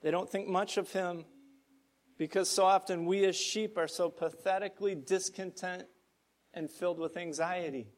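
A middle-aged man preaching a sermon, telling a story in an earnest, gently emphatic way. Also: high voice, fairly even intonation, moderate pace. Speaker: pastor.

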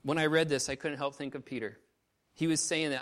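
A missionary pastor preaching a sermon, telling stories with emotion, swinging from loud outbursts to hushed low tones. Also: male voice, steady tone, brisk.

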